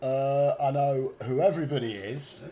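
A man's voice: medium pitch, normal speed, dark tone. A British man co-hosting an improvised comedy chat, rambling and stumbling with mock confidence from a motorway service station. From Britain. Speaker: podcast co-host.

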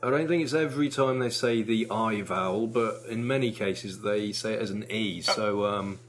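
A man's voice: lowish voice, moderate pace. A man co-hosting a casual comedy chat, answering with dry, wry one-liners. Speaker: podcast co-host.

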